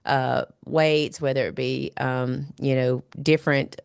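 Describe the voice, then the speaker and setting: A woman's voice: extremely low pitch, level tone, takes it slowly, creaky, clean tone, dry recording, studio quality. A woman hosting a podcast, nasal and stuffy from a recent illness, rambling with many fillers. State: nasal, recovering from a cold. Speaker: podcast host. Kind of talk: casual podcast monologue.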